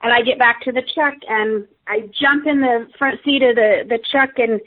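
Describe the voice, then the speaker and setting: A woman's voice: a little high, steady tone, moderate pace. A woman, a radio guest, telling a story casually with many fillers and restarts. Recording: tinny phone line.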